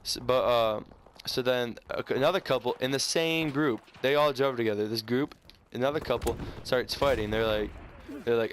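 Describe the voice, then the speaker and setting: A sixteen-year-old boy, casually telling a story over gameplay in a halting, rambling way full of restarts and stutters. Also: medium pitch, slight background noise. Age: teens. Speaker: gaming YouTuber. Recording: faint gunfire from game audio. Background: video game gunfire.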